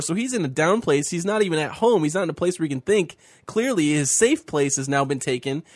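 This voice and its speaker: A man with a fairly high voice, teaching through a Bible story on a faith talk show. He is animated and voices the characters' pleas with feeling. The recording is close and dry. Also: fairly quick, few pauses, no room sound. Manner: animated, acting out the biblical speakers' lines.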